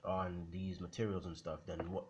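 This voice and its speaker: Blunt, profane hired muscle a man voices him; low, plain, faint background hiss. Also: level tone, normal speed, close to an everyday voice.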